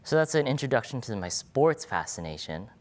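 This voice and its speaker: A medical student in his twenties gives a playful, energetic live talk to an audience in an event room. His voice is medium in pitch and he speaks a little fast.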